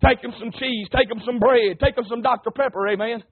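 Man preaching, very high voice, folksy and emphatic, narrow phone-like sound. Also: fairly even intonation, a little fast. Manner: folksy and emphatic, calls on the congregation. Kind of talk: sermon.

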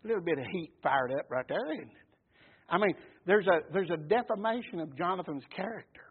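Male preacher, high-pitched and husky, folksy pulpit delivery. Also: lively intonation, brisk. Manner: folksy, emphatic, calls out "Amen?". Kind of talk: sermon. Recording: tinny phone-like sound.

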